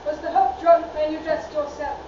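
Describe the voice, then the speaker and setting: Woman doing a fierce noble lady, very high voice, scornful verse, echoey hall from far off. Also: flat delivery, moderate pace, dark tone, highs cut off, slight background noise, close to an everyday voice. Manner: scornful, commanding verse delivery. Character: fierce noblewoman goading her hesitant husband. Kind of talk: Shakespearean stage monologue. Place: theatre stage.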